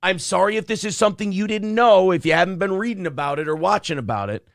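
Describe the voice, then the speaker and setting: Male host, slightly high voice, dry close mic, rambling asides. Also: expressive, quick pace, no echo. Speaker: talk show host. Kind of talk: casual live-stream talk.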